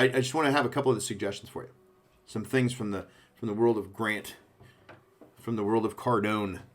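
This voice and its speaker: Punchy male sales trainer. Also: medium pitch. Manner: punchy, coaching, frequent "okay?" check-ins.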